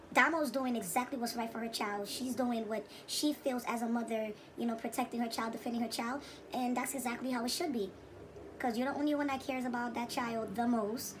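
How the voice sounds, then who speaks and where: A woman's voice: on the high side, background noise. A woman hosting a reaction video, giving preachy commentary and repeating her points for emphasis.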